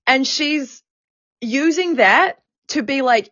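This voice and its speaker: A woman's voice: mid-range voice, lively intonation, moderate pace, dry recording, dull audio. A woman hosting a podcast who tells a personal story frankly and with animation, swearing freely. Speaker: podcast host and sex worker activist.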